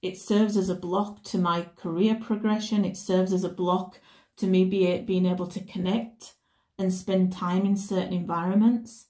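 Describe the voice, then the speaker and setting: A woman talks through a tarot reading in a loose, rambling way, stopping and restarting her sentences. Her voice is mellow and warm rather than bright. The room gives her voice a noticeable echo. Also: fairly low pitch, little pitch movement, normal speed. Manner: rambling, self-correcting storytelling. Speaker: tarot reader. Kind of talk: casual tarot reading chat. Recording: roomy echo.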